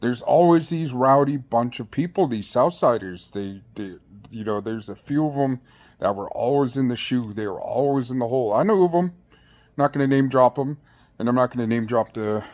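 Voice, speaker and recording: A man's voice: medium pitch, normal speed, a little mellow. A man who was once in jail tells a story casually, in slangy, rambling speech with blunt asides and frequent restarts. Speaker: former inmate telling a jail story.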